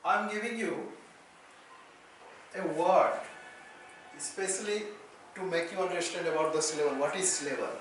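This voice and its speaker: A man with an Indian English accent teaching a slow, deliberate lesson on poetry. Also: high voice, a bit bright, distant mic, faint music behind. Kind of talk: lecture on poetry. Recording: echoey room, voice off-mic.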